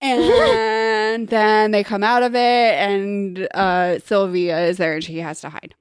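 A young woman co-hosting a casual chat, retelling a book in a deadpan, sarcastic way. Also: mid-range voice, slow pace, smooth, no echo, studio quality. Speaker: podcast co-host.

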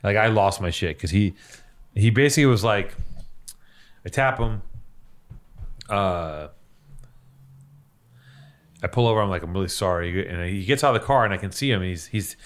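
A man's voice: on the low side, lively intonation, moderate pace, long pauses. A young man hosting a podcast, telling a heated story in casual chat and swearing freely. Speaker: podcast host.

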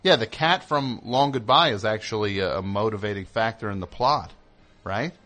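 A man's voice: fairly low pitch, normal speed, sharp tone. A man hosting a call-in radio show, reading an ad with a jokey, rambling, mock-earnest manner. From United States.

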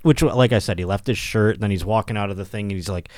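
A man hosting a podcast, chatting casually and telling rambling, self-deprecating stories full of halting restarts. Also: on the low side, a little mellow, dry recording, studio quality. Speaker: podcast host. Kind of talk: casual comedic chat. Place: studio room.

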